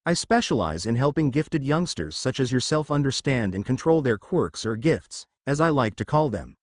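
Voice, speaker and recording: A man voicing a calm, soothing middle-aged male doctor with a confident, measured manner in a storybook reading. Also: mid-range voice, dry recording, studio quality.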